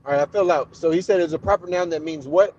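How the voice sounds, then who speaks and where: A man's voice: a little high, fast, a little mellow, dull audio. A man calling into a heated debate, insisting on his point, repeating himself and saying "brother" often.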